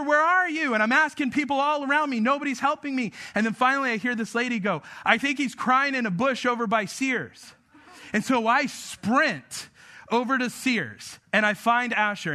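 High, bright-voiced male pastor. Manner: animated storytelling, acts out his own shouting. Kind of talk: sermon with personal story.

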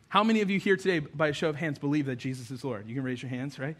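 A man preaching a sermon to his congregation as pastor, animated, moving between loud emphasis and low, quiet tones. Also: fast talker, few pauses. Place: church sanctuary.

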